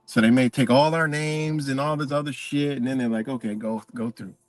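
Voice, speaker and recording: A man's voice: mid-range voice, fairly even intonation, fairly quick, faint music behind. A man hosting a livestream, ranting casually in a profane, rambling way with many restarts. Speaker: livestream host.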